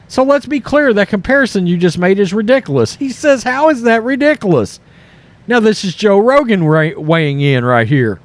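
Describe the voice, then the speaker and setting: A man hosting political commentary over news clips, animated and mocking, often mimicking the people he quotes. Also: high voice, moderate pace. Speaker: commentary host.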